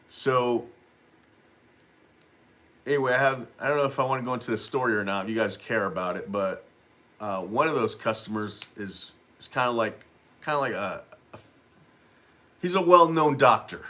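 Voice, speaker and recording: A man's voice: mid-range voice, lively intonation, normal speed, pauses often, sharp tone. A man who runs a lawn care business, casually telling a story to camera, rambling and repeating himself with lots of "you know what I mean.".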